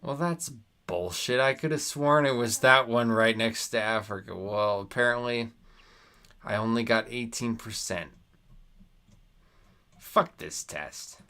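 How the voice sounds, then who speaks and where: A man's voice: medium pitch, steady tone, normal speed, bright, forceful tone, clear, resonant tone. A young American man from Nevada chatting casually on a live stream, reading viewer comments aloud and arguing with them, swearing when he gets annoyed. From United States. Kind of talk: casual live-stream chat while playing a geography quiz.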